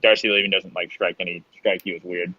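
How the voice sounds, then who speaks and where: A man's voice: sits low, little pitch movement, fast, sharp tone, slightly rough. A man narrating as game master in a tabletop game, rambling with restarts and fillers. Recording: dull lo-fi with faint music.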